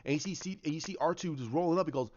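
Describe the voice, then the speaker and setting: Rambling male fan, slightly higher voice, lots of restarts, lo-fi dull sound. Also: racing, darkish tone, slight background noise. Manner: rambling, with many restarts and acted-out quotes. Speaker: fan commentator. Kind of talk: casual storytelling monologue.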